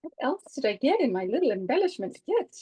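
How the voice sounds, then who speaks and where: A woman in her forties co-hosting a live crafting stream, talking in a halting way with many fillers. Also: high-pitched, sing-song, mellow, slightly rough, no echo. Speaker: co-host of a live scrapbooking stream. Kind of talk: casual chat.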